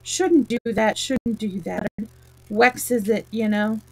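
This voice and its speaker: A woman voicing a grumpy old male frog servant with a deep, hoarse, whispery, slow drawl. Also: a little mellow, dry recording, full character voice. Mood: grumbling.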